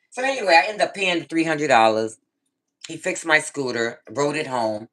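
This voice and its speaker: With a low voice and a moderate pace, a middle-aged woman on her vlog tells a laid-back story to the camera and a friend. She's animated and swears freely throughout.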